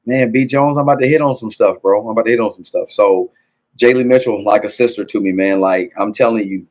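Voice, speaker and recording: A man in his thirties, an assistant basketball coach, telling stories casually and acting out quotes with big jumps in pitch. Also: fast, darkish tone. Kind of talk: casual storytelling interview.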